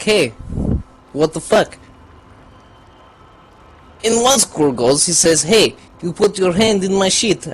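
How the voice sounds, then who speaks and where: A man's voice: a little high, slight background noise, close to an everyday voice. A man doing a put-on Russian accent as a crude young storyteller, telling a rambling comic tale in broken English with lots of swearing. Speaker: gaming group regular.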